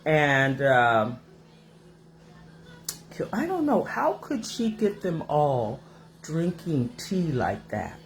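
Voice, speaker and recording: A woman's voice: sits low, takes it slowly, pauses often, slight background noise. Woman host just chatting from her kitchen, voice swoops up and down a lot, takes her time. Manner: animated, rambling, acts out voices in her stories. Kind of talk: casual storytelling to viewers. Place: home kitchen.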